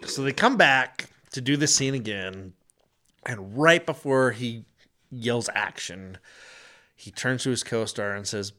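A man's voice: mid-range voice, a little slow, a bit bright. A man telling a story in casual chat, laughing often and acting out quoted lines.

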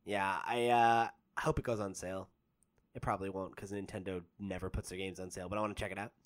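A man's voice: low voice, level tone, quick pace. A man co-hosting a podcast, chatting casually and animatedly with lots of fillers and restarts. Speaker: podcast co-host. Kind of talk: casual chat.

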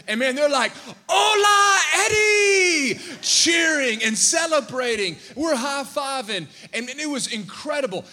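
A man preaching to his congregation, telling a story with animated energy and calling questions out to the crowd. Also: sits high. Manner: animated, calls out questions to the audience. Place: church sanctuary. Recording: long church-hall reverb.

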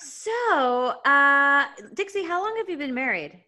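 A woman in her forties with a Southern US accent co-hosts a podcast, chatting casually and laughing easily. Her voice is high-pitched, animated and bright, pushed forward, and she takes her time speaking.

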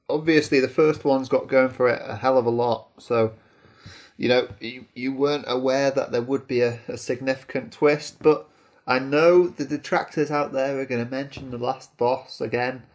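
A man's voice: medium pitch, gravelly. A man co-hosting a casual chat, talking hesitantly with trailing phrases. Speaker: podcast co-host.

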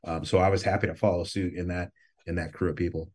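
Lowish-voiced guy rambling on as a podcast guest, swears a ton, easygoing. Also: level tone, fast talker, a little mellow. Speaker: guest, record label owner. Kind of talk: casual interview storytelling.

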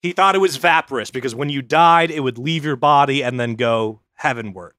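A man's voice: medium pitch, fairly quick, pushed and bright, no echo, studio quality. A man telling a history story on a casual podcast, rambling and swearing now and then.

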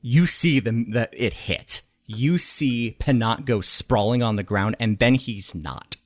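A young man narrating a tabletop game as game master, calm and measured. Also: medium pitch.

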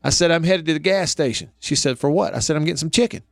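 A man's voice: a little high, fast talker, vocal fry, no echo. Man, radio host, casual storytelling, laughs a lot, dry close sound. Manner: storytelling, folksy, laughs often.

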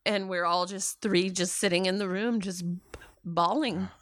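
A woman, a mother, recounting a painful personal story in a slow, halting way, acting out what others said to her. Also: medium pitch, fairly even intonation, no room sound, studio quality. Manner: slow, halting retelling with quoted dialogue. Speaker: guest, mother.

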